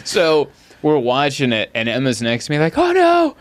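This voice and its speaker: A man hosting a casual comedy podcast, telling stories and jumping into high acted quotes. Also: moderate pace, smooth. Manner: animated storyteller, jumps high into acted quotes. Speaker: podcast host.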